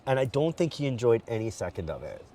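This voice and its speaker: A guest with a mid-range voice talks fast, frankly telling his story while walking outdoors at night. He's animated and acts out quotes in this candid personal storytelling. The mic is distant, with faint outdoor noise.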